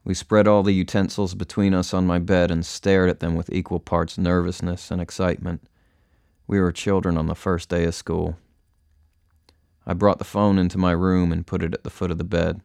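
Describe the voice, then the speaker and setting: Deep, flat-voiced male narrator. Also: normal speed, creaky, clean tone, no echo, clean studio sound. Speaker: audiobook narrator. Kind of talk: scripted first-person narration.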